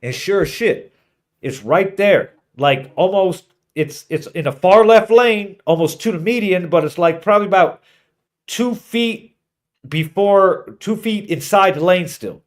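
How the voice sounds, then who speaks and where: Brief: man, high-pitched voice, podcast co-host, animated swearing storyteller. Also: a little slow. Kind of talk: casual storytelling chat.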